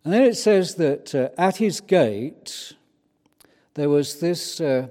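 Slow, mellow British preacher man. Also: a little high. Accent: British English. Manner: unhurried, chatty, with many hesitant fillers. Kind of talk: sermon. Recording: long reverb of a large hall.

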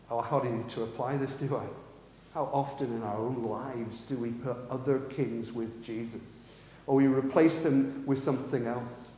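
A man's voice: medium pitch, darkish tone, slight background noise. A man preaching a sermon in earnest, asking the congregation rhetorical questions in a church hall. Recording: echoey, long hall reverb.

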